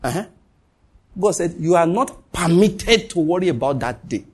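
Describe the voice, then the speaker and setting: A man preaches as pastor in a fairly high, husky voice. He hammers his points home, repeating them, with his pitch leaping up and dropping low. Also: expressive, normal speed. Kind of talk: sermon.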